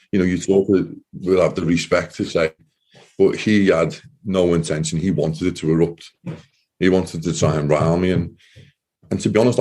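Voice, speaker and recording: A low, mellow, husky-voiced man in his thirties tells his story in a relaxed interview. He speaks haltingly, restarting his sentences and acting out past conversations as quotes. His voice sits deep and dark. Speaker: interview guest, former soldier.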